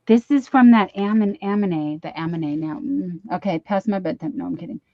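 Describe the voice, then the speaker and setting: Unboxing gifts on a casual livestream, a woman host pours out excited gasps and exclamations. Her voice sits on the low side at a moderate pace. Recorded through a webcam or desk mic, the stream audio is dull and dry, with no echo.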